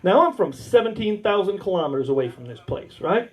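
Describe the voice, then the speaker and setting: High, lively American stand-up man. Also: brisk, dull audio. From United States. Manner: crude, rambling anecdotes with acted-out dialogue. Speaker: stand-up comedian. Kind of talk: stand-up storytelling. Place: small warehouse comedy night.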